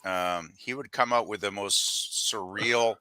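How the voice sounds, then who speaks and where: Brief: man co-hosting a chat, easygoing, low pitch, bright tense tone, dry close sound. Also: slow pace, clear, resonant tone, dry recording. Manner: easygoing, agreeable. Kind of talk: casual chat.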